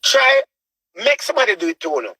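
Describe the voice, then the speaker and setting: Ranting as a show host, a man with a Jamaican accent speaks high and a little fast, his pitch swinging widely in a pushed, bright voice. He's preachy, repeats himself, and fires off rhetorical questions. The audio is low quality, with no room sound.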